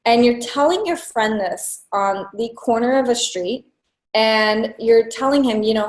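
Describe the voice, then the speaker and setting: A woman giving a casual, blunt coaching talk to students, swearing freely and dropping quick asides. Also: a little high, echoey room, rough recording. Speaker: online business coach.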